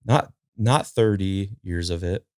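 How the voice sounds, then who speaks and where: A man's voice: sits low, slow, darkish tone, clear, resonant tone, dry recording. Rambling man chatting, dry close sound. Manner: rambling, filler-heavy, chatty asides to his dog. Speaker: podcast host. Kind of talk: casual solo chat. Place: at home, sitting in a chair. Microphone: recording to a camera.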